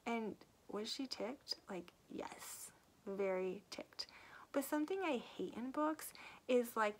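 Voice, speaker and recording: Woman author, chatty book-review vlogger; lively plot retelling with acted-out lines and easy laughter. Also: medium pitch. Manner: laughs often while talking. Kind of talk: casual book review vlog.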